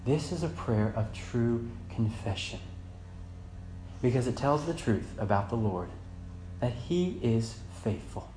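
A man in his thirties preaching a sermon as pastor, moving between loud fervent emphasis and soft reflective passages. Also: mid-range voice, animated, slow. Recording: echoey church room with faint hum.

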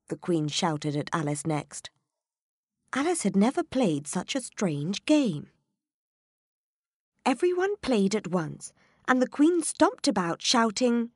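A woman narrating a children's storybook in a measured, expressive reading. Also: on the low side, no room sound, clean studio sound.

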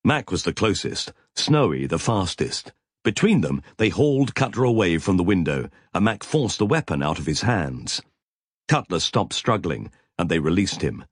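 Husky-voiced man narrating an audiobook. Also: deep voice, very animated, moderate pace, dry recording, studio quality. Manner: vivid, tense storytelling.

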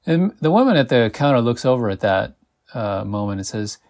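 A man hosting a podcast, reading an interactive adventure story aloud in a measured way and slowing down when he speaks to the listener. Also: on the low side, lively intonation, vocal fry, a little mellow. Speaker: podcast host.

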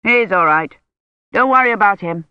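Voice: medium pitch, expressive, clean tone, close to an everyday voice. A reader plays a tired older man, an academic who weighs each word and questions people methodically. The audio is muffled and dry, with no room echo. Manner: measured, careful. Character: weary older male Oxford don, careful.

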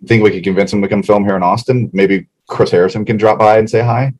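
A man's voice: lowish voice, fairly even intonation, darkish tone, rough recording. A man co-hosting a casual podcast, chatting about a reality show and rattling off plugs. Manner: chatty, reads plugs quickly. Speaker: podcast co-host.

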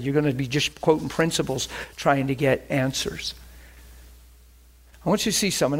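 Male pastor, slightly high pitch, conversational emphatic teaching sermon. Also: gravelly.

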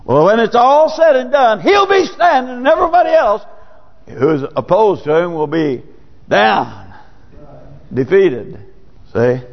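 A man with a high voice delivers a folksy, conversational sermon, swinging his voice up and down. The recording is dull and lo-fi. A long reverb hangs behind him from the church sanctuary. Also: sing-song, a little slow, gravelly, long pauses. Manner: folksy, conversational preaching with sudden rises. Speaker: preacher.

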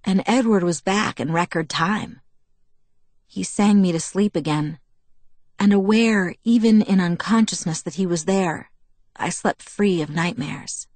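Woman audiobook narrator, lowish voice, dry close recording, steady first-person telling. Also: a little slow, dry recording.

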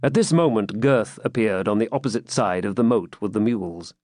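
A man reading a classic novel aloud in a measured, expressive way. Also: on the low side, no echo, studio quality. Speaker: audiobook reader.

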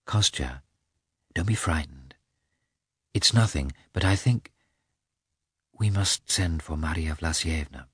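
Male reader voicing a gentle young wife, hushed and reassuring, low-pitched. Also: wildly swooping pitch, a little slow, breathy edge, no room sound, studio quality, exaggerated voice.

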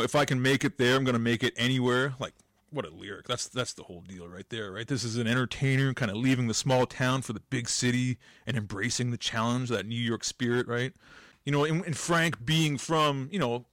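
A man's voice: medium pitch, steady tone, moderate pace, fairly bright tone, no room sound, studio quality. Enthusiastic man hosting a countdown. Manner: enthusiastic, chatty, fond of "man" and "right?". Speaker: host. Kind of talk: casual countdown chat.

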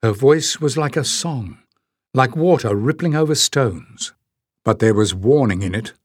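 A man's voice: mid-range voice, expressive, a little slow, breathy edge, dry recording, studio quality. A man reading a fantasy audiobook in a dramatic storytelling manner. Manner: dramatic, lifting his voice for the characters. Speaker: audiobook narrator. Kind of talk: scripted audiobook narration.

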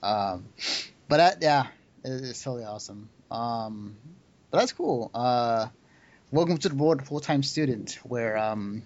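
A man's voice: mid-range voice, lively intonation, unhurried. A young man hosting a casual podcast chat, talking with lots of fillers and easy laughs. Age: young adult. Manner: chatty, many fillers and laughs. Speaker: podcast host. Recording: dull lo-fi audio.

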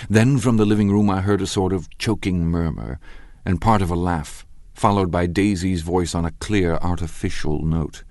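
A man narrating an audiobook in a measured, wry storytelling manner. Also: low-pitched, darkish tone, no room sound, clean studio sound. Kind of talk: scripted narration.

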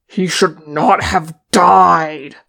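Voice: medium pitch, sing-song, takes it slowly, gravelly, heavily acted. A reader voicing a proud, furious dwarf king who growls and snarls his words in grief.

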